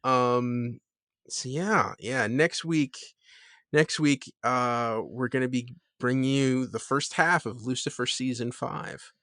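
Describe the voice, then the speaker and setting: A man's voice: mid-range voice, slow pace, bright, forceful tone, no echo, studio quality. A man co-hosting a casual podcast, hesitant and full of restarts and ums as he talks. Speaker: podcast co-host.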